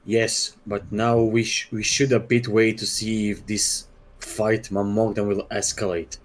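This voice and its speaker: A man's voice: on the low side, level tone. A man playing a tabletop game, planning out moves in a casual way. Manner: planning, quick repeated no's. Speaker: player.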